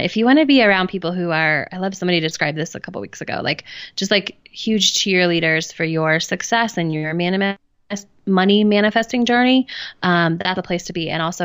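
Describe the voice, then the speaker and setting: A woman's voice: on the low side, fairly bright tone, clean tone, dry recording, clean studio sound. A woman co-hosting a podcast as a coach, chatting enthusiastically with frequent fillers. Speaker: podcast co-host, business coach. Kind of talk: casual chat.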